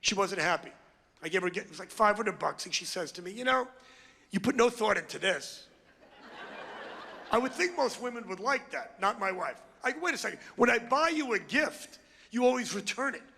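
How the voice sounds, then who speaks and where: A brash male stand-up comedian works the crowd on a club stage, his voice gravelly and sharply bright. The live hall carries a long reverb. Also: high voice, lively intonation, a little fast. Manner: brash, crude, crowd work.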